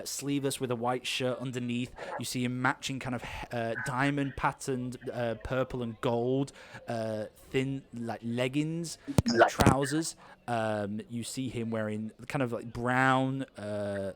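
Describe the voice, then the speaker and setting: A man's voice: mid-range voice, steady tone, measured pace. A man narrating as game master of an improvised tabletop game, rambling with many restarts. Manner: rambling, lots of fillers and restarts.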